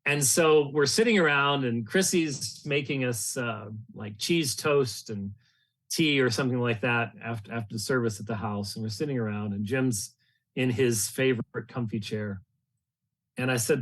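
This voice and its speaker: A man's voice: medium pitch, normal speed, a bit bright. A man who leads a ministry and hosts a show, talking casually through long, rambling anecdotes with chuckles between the stories. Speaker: ministry leader and podcast host. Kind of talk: casual reminiscing monologue.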